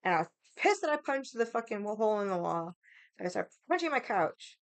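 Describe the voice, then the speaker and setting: Woman streamer, chatty and profane, rambling delivery, dry close sound, mid pitch. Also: very animated, a little fast, dry recording. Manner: profane, rambling, heavy use of "like". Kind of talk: casual storytelling chat.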